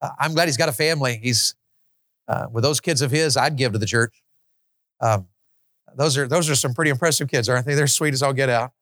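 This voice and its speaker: A preacher delivering a sermon, his voice swinging from conversational asides to high, fervent pleading. He is a man of middle pitch, recorded close and dry despite the auditorium. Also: fairly quick, a bit bright, no echo. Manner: builds to impassioned pleading, acts out fervent prayers.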